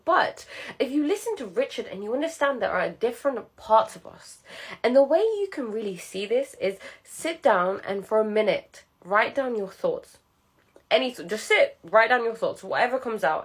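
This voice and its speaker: A woman giving a casual, earnest self-help talk who acts out inner voices in an animated way. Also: medium pitch.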